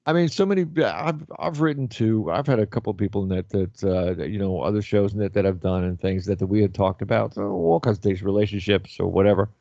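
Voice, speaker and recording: An older man hosts a casual talk show, wandering through his thoughts and circling back on his words. His voice sits low and mellow. The recording is dull, dry and lo-fi. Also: fast talker, gravelly, hardly any pauses, no echo. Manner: rambling, repeats words, trails off. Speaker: host.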